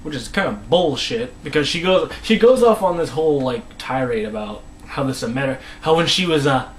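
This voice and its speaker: A man talks through a sitcom episode in a loose, halting way, restarting sentences and letting his voice sink into mumbles. His pitch sits in an ordinary middle range. A faint hiss runs under the recording. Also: animated, poor audio. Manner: rambling, halting, many restarts and trailing mumbles. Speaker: episode reviewer. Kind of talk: casual solo recap.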